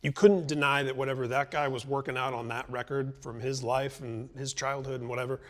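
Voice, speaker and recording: A man's voice: mid-range voice, steady tone, brisk. A middle-aged man hosting a conversational interview, speaking in long, reflective turns. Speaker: interview host.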